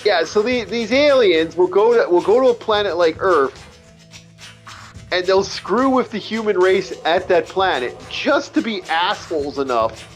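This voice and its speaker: Rambling, swearing man, higher voice. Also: lively intonation, unhurried, soft background music. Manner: rambling, profane, stumbling restarts. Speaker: let's play host. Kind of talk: casual chat over gameplay.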